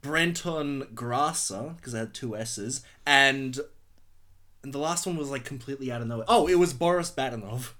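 A man's voice: medium pitch, a little fast, a bit bright. A man co-hosting a casual movie commentary, dry and lightly teasing. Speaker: podcast co-host.

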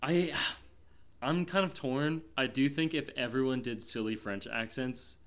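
Measured in pace and fairly even in intonation, this man has a mid-range, fairly bright voice. He co-hosts a film podcast as a film reviewer, keeping the chat casual and rambling with many fillers.

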